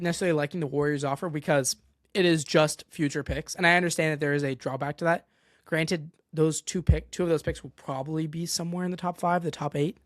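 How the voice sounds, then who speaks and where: A man's voice: a little high, fairly even intonation, brisk, fairly bright tone, no echo, clean studio sound. A young man hosting a solo sports podcast, ranting with exasperation and going off on tangents. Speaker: podcast host.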